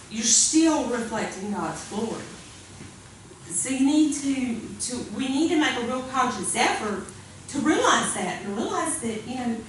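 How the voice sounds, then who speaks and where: A woman's voice: sits high, fairly bright tone. Woman preaching in an echoey church. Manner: earnest, conversational, repeats phrases. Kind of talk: sermon. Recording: echoey room, far from mic, faint hiss.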